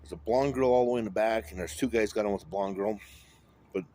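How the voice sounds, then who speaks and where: A man's voice: fairly low pitch, quick pace, mellow. A man talking in a rambling monologue, drifting between topics and swearing often. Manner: rambling, wandering, with frequent swearing.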